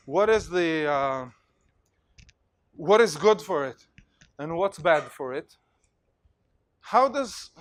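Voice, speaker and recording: A male university lecturer giving an animated lecture in a hall, telling stories and acting out examples with plenty of fillers. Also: high-pitched, slight background noise. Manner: animated storytelling, acts out cheers, many fillers.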